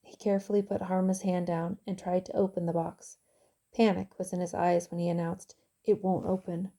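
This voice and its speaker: A woman author reading her own novel aloud in calm, even audiobook narration. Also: lowish voice, brisk.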